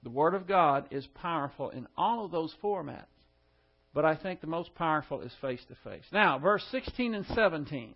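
A man's voice: a little high, lively intonation, moderate pace, dull audio. A male pastor giving an expository Bible lesson, methodically explaining the word order of the Greek text.

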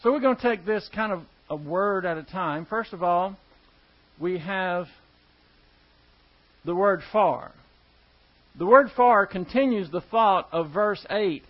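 A man's voice: high voice, slow, long pauses. A male preacher teaching verse by verse in a conversational, emphatic way, repeating key words for stress. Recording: dull lo-fi recording.

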